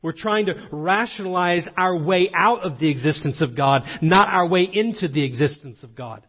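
A man's voice: high voice, moderate pace, breathy edge, long reverb tail. Earnest man preaching, dull lo-fi sound. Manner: earnest, emphatic repetition. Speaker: pastor. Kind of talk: sermon.

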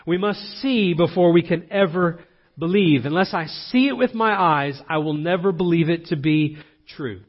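A man's voice: on the high side, expressive, moderate pace, long reverb tail. Earnest man preaching, dull lo-fi sound. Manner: earnest, emphatic repetition. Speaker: pastor. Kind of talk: sermon.

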